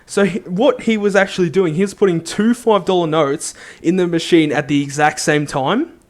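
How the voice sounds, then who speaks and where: A young man, a co-host, telling an animated story in casual chat. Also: sits high. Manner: animated storyteller, does quick voices in quotes. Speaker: podcast co-host.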